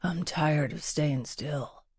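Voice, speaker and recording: A woman voicing an intense, hungry young man with a low, rasping voice. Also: takes it slowly, a little mellow, no room sound, studio quality, exaggerated voice.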